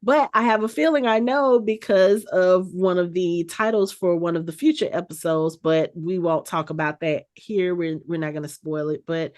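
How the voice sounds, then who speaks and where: A woman co-hosting a podcast, casually recapping an episode with animated, chatty storytelling. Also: on the low side, normal speed, hardly any pauses. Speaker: podcast co-host.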